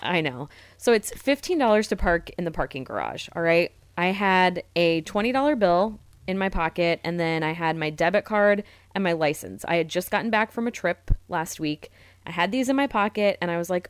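A woman's voice: fairly low pitch, expressive, a little fast, no room sound. A woman in her thirties co-hosting a podcast, telling a story in a chatty, self-mocking way. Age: 30s. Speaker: podcast co-host. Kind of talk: casual podcast chat.

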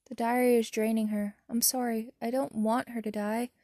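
Woman reading as a calm ghostly young wizard. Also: on the high side, normal speed, dry recording, clean studio sound, close to an everyday voice. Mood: quiet, measured.

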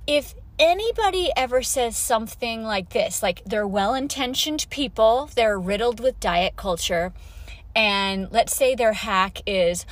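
A woman hosting her own vlog and talking casually to camera, chatty and full of "like" and restarts, acting out her own thoughts with lively jumps in pitch. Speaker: vlog host. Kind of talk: casual chat.

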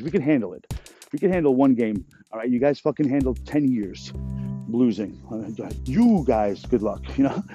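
A man's voice: medium pitch, mellow. A man hosting a podcast, telling rambling, profane, jokey stories in a casual monologue. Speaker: podcast host. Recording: dull lo-fi sound with faint music.

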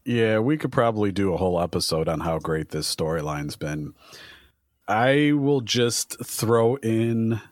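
A man's voice: lowish voice, animated, a little slow, dry recording, studio quality. A man co-hosting a podcast in casual chat, airing a wry little complaint. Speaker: podcast co-host.

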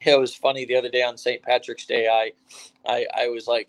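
A man's voice: medium pitch, brisk. A man from the United States hosting an online interview over the phone, upbeat and chatty with lots of fillers and restarts. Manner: energetic, hype opening, many fillers and restarts. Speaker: host.

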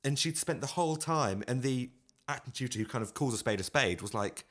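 A man's voice: mid-range voice, fairly quick. A man, an audition pianist, telling a funny story in casual chat, laughing often. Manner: animated anecdote telling with frequent laughter.

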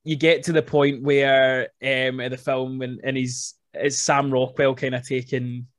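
A man hosting a podcast, chatting casually and excitedly about a film, rambling, swearing now and then, and filling his talk with "like". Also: medium pitch, a little slow, dry recording, studio quality. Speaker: podcast host.

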